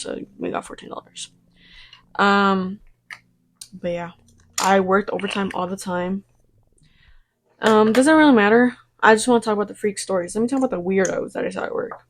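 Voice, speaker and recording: Young woman vlogger, casual storytime, rambly and profane, mid pitch. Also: normal speed, pauses often. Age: young adult. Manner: rambling, swears freely, mimics her own past replies. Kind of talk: get-ready-with-me storytime chat.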